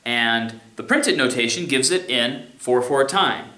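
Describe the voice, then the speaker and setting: A man's voice: medium pitch, unhurried, pushed and bright. A man teaching music theory in a recorded remote lecture, talking casually and scatting rhythms to show them. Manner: casual, sings and scats rhythms to demonstrate. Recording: echoey room.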